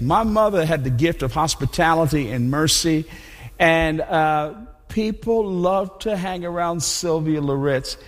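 A man preaching a sermon in a conversational, animated storytelling way, often repeating himself. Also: fairly high pitch, long reverb tail.

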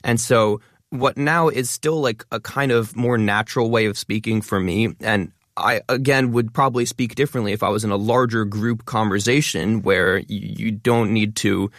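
A man talking fast as an interview guest, leaning on many of his words to keep them punchy. His voice sits low. The recording is close and dry. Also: fairly bright tone, dry recording. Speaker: influencer guest. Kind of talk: interview conversation.

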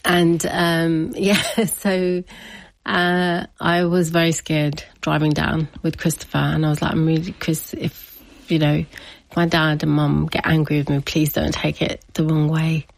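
A woman's voice: sits low, flat delivery, measured pace, gravelly, no room sound. Chatty woman telling a story. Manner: chatty, laughs often, acts out quotes. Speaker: interview guest. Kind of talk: personal storytelling.

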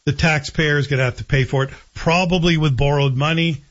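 A man hosting a radio talk show, giving animated, sarcastic opinion commentary. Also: fairly high pitch, a little fast. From Canada. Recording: dull lo-fi broadcast audio.

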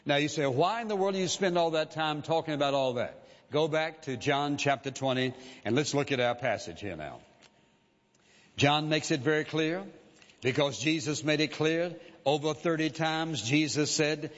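Male preacher, fairly high voice, insistent and repetitive, dull recording with long hall echo. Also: fairly bright tone. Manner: emphatic, repeats key phrases, slows for quoted verses. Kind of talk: sermon. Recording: dull lo-fi audio with long reverb.

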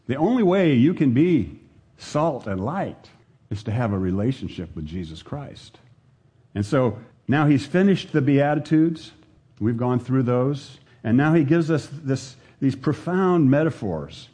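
A man preaching a sermon as pastor to a live church congregation, questioning the listeners and climbing to emphatic high peaks. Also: big pitch swings, measured pace, mellow, breathy edge.

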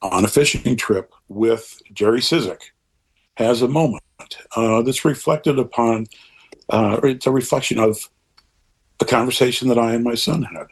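An older man speaks in a relaxed interview conversation, his voice husky with a breathy edge. He rambles earnestly, stacking up thoughts and throwing in lively asides as he goes. His pitch sits in a middling range for a man. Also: moderate pace.

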